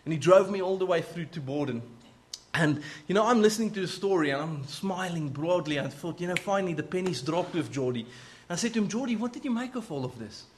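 Guy preaching, telling a story, earnest and lively, kinda high voice. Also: fairly quick, a little hiss or hum. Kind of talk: sermon storytelling.

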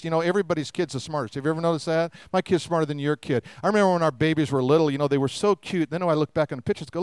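A middle-aged man preaches a sermon in a high, clear voice. He jokes with the congregation and acts out the voices of the people he quotes. The sound is dry and close. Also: rapid-fire, hardly any pauses, a little mellow, dry recording. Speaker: pastor.

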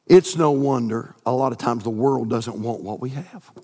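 A man preaching a sermon, swinging from loud chanted exhortation to quiet storytelling. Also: medium pitch, normal speed, big-room sound. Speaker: pastor.

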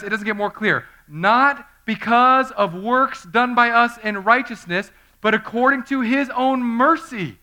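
A man preaching a sermon, telling a story with animation and acting out quoted voices, swinging between loud and hushed delivery. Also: high voice. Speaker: pastor.

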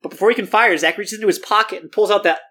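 Quick, animated male podcast co-host who recaps a plot and performs its lines. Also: high voice. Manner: animated storytelling, acts out characters' lines. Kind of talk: casual chat, retelling a book plot.

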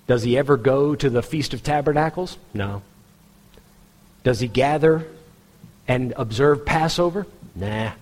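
A man preaching a sermon in a conversational, pointed way, jumping into a higher voice when he imitates people in the pews. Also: a little slow, long pauses, darkish tone, in a large hall. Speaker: pastor.

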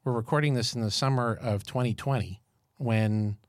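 A man's voice: medium pitch, moderate pace, no echo, studio quality. Fifty-something man telling a story. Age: 50s. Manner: storytelling, animated and jokey. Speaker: podcast co-host. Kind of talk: casual chat.

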